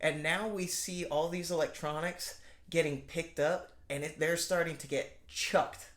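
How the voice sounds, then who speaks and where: A man's voice: a little high, fairly even intonation, unhurried, fairly bright tone. A man hosting a podcast, recapping a movie in a casual chatty way, full of filler words. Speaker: podcast host. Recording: roomy echo.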